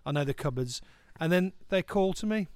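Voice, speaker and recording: A high-pitched man with a smooth, resonant voice tells a comic story in animated bursts. He restarts and trails off as he talks. The sound is dry and close on the mic. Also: fairly quick, no echo. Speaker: comedy podcast guest telling a story.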